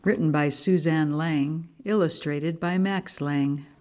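A woman's voice: deep voice, takes it slowly. Woman reading a children's story aloud. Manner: expressive storytelling. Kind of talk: reading a picture book aloud.

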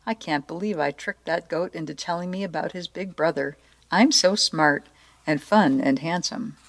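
A greedy, boastful troll under a bridge, as a woman storyteller puts him on, gleeful and full of rhymes. He sounds a touch low and soft, with an eager, bragging bite. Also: normal speed.

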